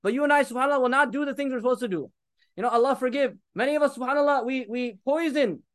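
A man's voice: extremely high pitch, fast, fairly bright tone, dry recording. A man in his thirties preaching a sermon, impassioned and urgent, mixing Arabic phrases into his talk. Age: 30s.

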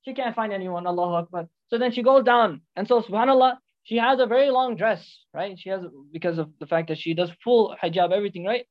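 A religious teacher telling a story as a sermon, often checking in with listeners with a quick "right?" or "okay?" and weaving in short Arabic phrases. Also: medium pitch. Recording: dull lo-fi recording.

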